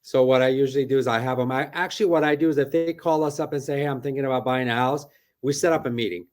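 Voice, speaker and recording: Here the broker, a middle-aged man on a video call from his office, talks quickly in a steady, medium-pitched voice. It's casual interview conversation, lively in delivery, with "right?" punctuating his points.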